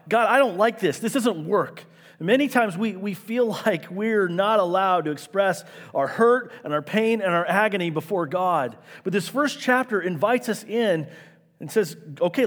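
A man preaching a sermon in an earnest, emphatic way, rising to outcries and dropping to hushed, quiet lines. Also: fairly high pitch, long reverb tail. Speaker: pastor.

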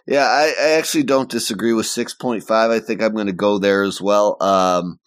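A man co-hosting a comic book podcast, wry and quick to laugh, with exaggerated complaints. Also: on the low side, fairly even intonation, dry recording. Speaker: podcast co-host. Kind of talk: casual review chat.

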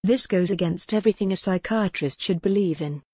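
A woman's voice: fairly low pitch, a little fast, darkish tone, husky, no echo, clean studio sound. A woman reading an audiobook voices a defiant young woman held captive, speaking in an indignant, demanding way.

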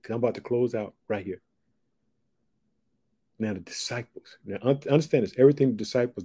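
Man, sermon, fervent preacher, soft asides to loud proclamations, warm dark tone. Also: medium pitch.

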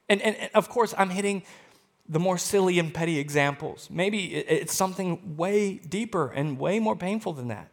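A male pastor preaching a sermon, expressive and swinging between loud and hushed. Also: high voice, normal speed.

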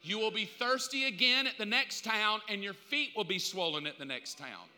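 A man preaching a sermon in an animated way, swinging between loud and hushed delivery. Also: sits high, moderate pace, soft background music. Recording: long hall reverb.

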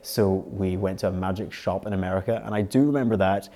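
Low-voiced young man, laughing easily. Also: dark tone. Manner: self-deprecating, quick to laugh. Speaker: magician and podcast guest. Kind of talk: casual interview chat.

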